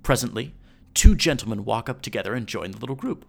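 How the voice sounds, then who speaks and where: A man hosting a podcast, reading an old newspaper story aloud in a measured storytelling way. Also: mid-range voice, lively intonation, creaky, a little mellow.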